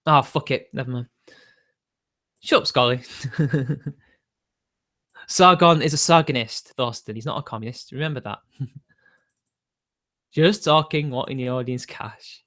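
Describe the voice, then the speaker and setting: Answering his chat during a livestream, a man rambles on, quickly getting worked up and cursing. His voice is medium-pitched and a bit bright.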